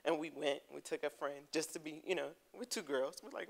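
A woman giving a heartfelt personal testimony to her church, earnest and quick to laugh. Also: low-pitched, gravelly, poor audio. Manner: earnest, laughing, breaks into excited storytelling. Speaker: congregation member giving testimony. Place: church sanctuary.

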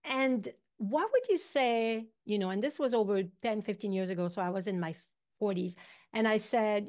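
A woman in her fifties, an acupuncturist guest, chatting casually and telling animated stories in which she acts out what people said. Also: mid-range voice, normal speed. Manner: animated storyteller, acts out quotes. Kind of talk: casual interview chat.

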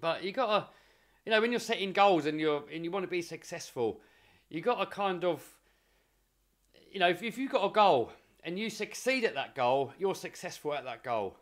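Young male vlogger, slightly high voice, casual motivational storytelling with earnest repeats. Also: lively intonation, normal speed. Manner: earnest, repeats words while building momentum.

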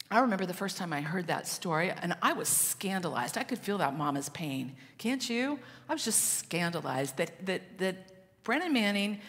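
A woman pastor preaching a sermon as a story, swinging between loud passages and hushed ones, recorded in a church sanctuary. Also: mid-range voice, big-room sound.

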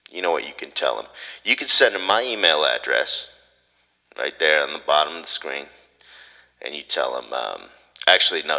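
A man's voice: rumbling low, creaky, sharp tone, in a large hall, dull audio. A man hosting a podcast, riffing sarcastically in a rambling comedic monologue. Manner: sarcastic, riffing, mock rants. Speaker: podcast host.

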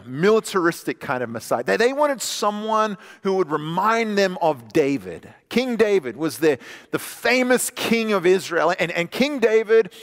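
Male pastor, chatty sermon style with restarts, higher voice, echoing church sanctuary. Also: gravelly. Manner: conversational preaching with repeated restarts, drops soft for scripture. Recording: long church hall reverb.

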